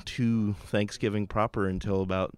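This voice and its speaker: A man's voice: fairly low pitch, flat delivery, normal speed, darkish tone, clear, resonant tone, no room sound. A man talking as a guest on a casual chat, telling stories in a hesitant, wry way.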